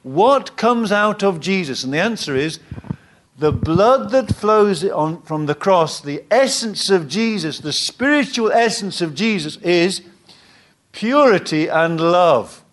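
Guy preaching a sermon, voice goes way up and down, gets loud then real quiet. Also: high voice, animated, slow, slight background noise. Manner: emphatic, swings between rising exhortation and quiet asides.

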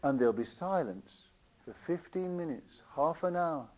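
A man preaching a sermon with passion, repeating phrases and swinging between loud declarations and quiet asides. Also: fairly high pitch, animated, measured pace.

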